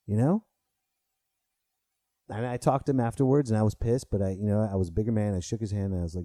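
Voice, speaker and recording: Male comic in his thirties, casual podcast monologue, mellow voice, dry close recording. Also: lowish voice, brisk, dry recording. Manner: animated, swearing, rises sharply when riled. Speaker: podcast host and stand-up comedian.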